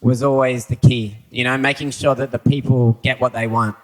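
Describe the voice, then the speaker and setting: A man speaks calmly in a casual panel discussion. His tone is reflective and easygoing, and his pitch is in the middle of the usual range. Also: moderate pace, rough recording. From Australia. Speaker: surfer guest on a panel. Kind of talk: casual chat.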